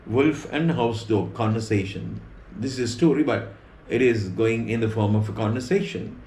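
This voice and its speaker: A man's voice: medium pitch, normal speed, a little mellow. A man with a Sri Lankan accent, a native Sinhala speaker, patiently explaining words while telling a story as an English teacher. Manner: repeats and rephrases words patiently. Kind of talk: slow explanatory storytelling lesson. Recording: roomy echo, faint background hum.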